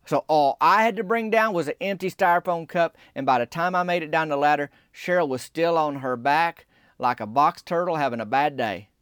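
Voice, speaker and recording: A man telling a rambling, deadpan comic story in a conversational way. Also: fairly high pitch, normal speed, smooth, no room sound, clean studio sound.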